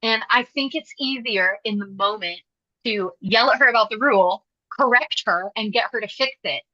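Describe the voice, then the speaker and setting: A woman hosting a parenting podcast speaks emphatically and directly, explaining step by step. Her voice is bright and sharp. The sound is dry and a little muffled. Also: fairly high pitch, normal speed, no room sound. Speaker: podcast host and parenting coach. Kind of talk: podcast teaching talk.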